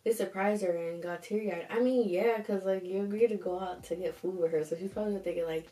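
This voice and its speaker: A woman's voice: mid-range voice, steady tone, a little fast, dark tone, recorded from a distance. A young woman hosting a casual storytime, reading a viewer's story aloud and breaking in with sassy slang reactions. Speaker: host reading viewer stories. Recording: roomy echo, a bit off-mic.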